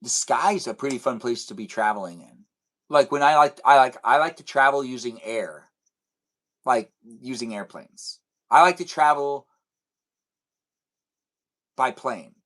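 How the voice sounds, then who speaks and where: A man's voice: medium pitch, a little slow, long pauses, a bit bright, low-quality recording. A man chatting casually with viewers on a live stream, rambling playfully and acting out silly imagined conversations. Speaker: livestreamer.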